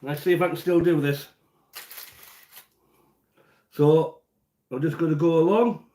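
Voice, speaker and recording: Casting: English man, raised-pitch chatty live-stream host, stuffy nose, small echoey home kitchen. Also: fairly even intonation, unhurried, dark tone. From England. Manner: chatty, rambling, answers live chat. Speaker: cooking livestream host. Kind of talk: casual live-stream chat while baking.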